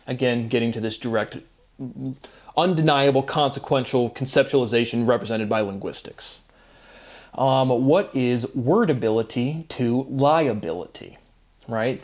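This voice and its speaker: A man's voice: medium pitch, darkish tone. Musing man spinning rambling wordplay. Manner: musing, free-associating wordplay, asks himself rhetorical questions; often tags lines with "right?" and chuckles at himself. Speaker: solo video monologue host. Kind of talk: rambling solo monologue.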